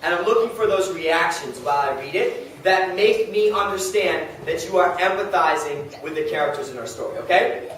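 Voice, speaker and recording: A man leads his class with brisk, directive instructions, his voice sitting high for a man. He sounds far from the mic, and the classroom echoes heavily around him. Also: a bit bright, slight background noise. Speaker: teacher.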